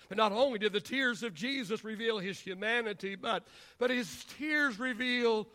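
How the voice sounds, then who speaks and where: Pastor, male, high bright voice, sermon delivery with rhythmic repetition, sudden shouts and long pauses. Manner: preacher's cadence, repetitive and rising to shouts, drawn-out pauses.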